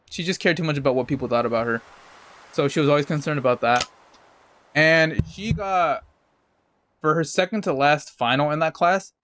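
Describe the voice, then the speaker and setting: A young adult man streams a game while casually telling a rambling, profane story in a laid-back way. His voice sits on the high side with a fairly bright tone, and there's a little hiss or hum.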